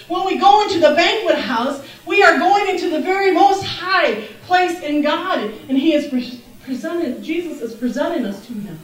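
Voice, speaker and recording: Laughing and calling out praises, a middle-aged woman delivers a lively testimony sermon in a high, bright voice. She sounds far from the microphone in a very echoey church, where a long, heavy echo hangs in the room.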